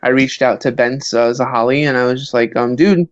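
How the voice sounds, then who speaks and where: A man who is a guest on a podcast, an author and professor, telling stories in an animated way with many filler words. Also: mid-range voice, fast talker, clear, resonant tone, dry recording, dull audio. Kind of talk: casual interview chat.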